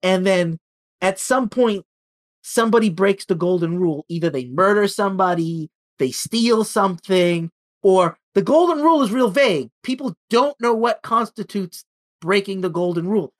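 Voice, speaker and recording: A man's voice: high voice, normal speed. Podcast co-host, a guy who tells stories animatedly and does little voices for the quotes. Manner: animated storytelling with acted-out quotes. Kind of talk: casual chat.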